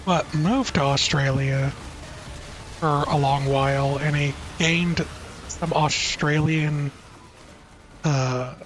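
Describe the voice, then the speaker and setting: A man's voice: fairly high pitch, fairly even intonation, slow pace, pauses often, soft background music, rough recording. A man from the northwest United States chatting casually while gaming, thoughtful and trailing off with fillers. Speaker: gamer on voice chat.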